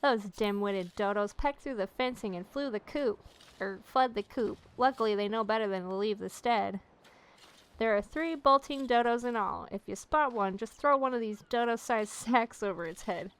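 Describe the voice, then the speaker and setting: A woman reading aloud the lines of a flustered male farmhand in a game, a little louder than her own talk. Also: a little high, moderate pace, clear, resonant tone, close to an everyday voice. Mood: eager. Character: flustered male farmhand chasing runaway birds.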